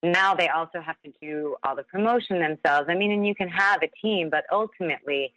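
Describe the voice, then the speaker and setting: A woman's voice: lowish voice, a little fast, fairly bright tone, no room sound, poor audio. A woman, a singer and actress, chatting as a podcast guest in an upbeat way and laughing often. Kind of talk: casual interview chat.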